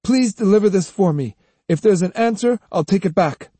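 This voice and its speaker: A man's voice: high-pitched, expressive, normal speed, warm tone, slightly rough, no echo, voice pushed up. A man voicing an earnest young boy on an errand in an audiobook, speaking plainly and insistently in a lifted voice. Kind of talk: audiobook character voice.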